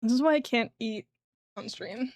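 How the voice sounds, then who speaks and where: A young adult woman streaming live, her voice a little throaty after eating, chatting casually and clearing her throat often. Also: a little high, animated, normal speed, a little mellow, no echo.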